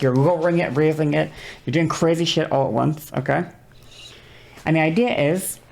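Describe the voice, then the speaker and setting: In a creaky, slightly mellow voice, a woman streamer rambles casually about vocal control, cursing freely and often checking in with "okay." She shows off voice changes using whispery and high-pitched sounds.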